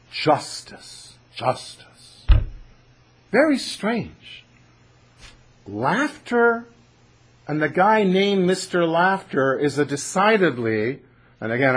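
A man teaching a Torah class over a video call. He tells stories in an animated way and keeps asking his listeners questions. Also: fairly high pitch, husky, poor audio. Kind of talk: Torah class lecture with storytelling.

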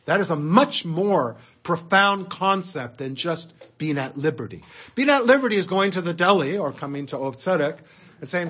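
Husky animated rabbi teaching. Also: male voice, high-pitched, moderate pace. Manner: animated, conversational, rhetorical questions. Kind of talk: Torah lecture.

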